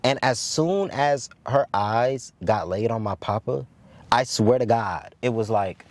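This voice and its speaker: Young male host, casual storyteller, profane and excitable, keeps checking in with the listener. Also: medium pitch, measured pace, no room sound. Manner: loose, profane, with repeated filler questions; animated, stumbling restarts when excited.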